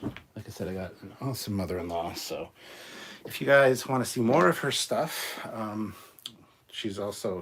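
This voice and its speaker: A man's voice: fairly low pitch, expressive, normal speed, noisy background. A man hosting his own channel, chatting casually in a rambling, jokey way with many fillers. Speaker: channel host. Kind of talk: casual livestream chat.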